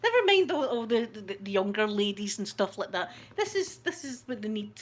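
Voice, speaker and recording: A woman's voice: mid-range voice, big pitch swings, moderate pace. A middle-aged woman with a Scottish accent, a channel host in casual chat, laughing often as she tells stories. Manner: chatty, laughs often, storytelling.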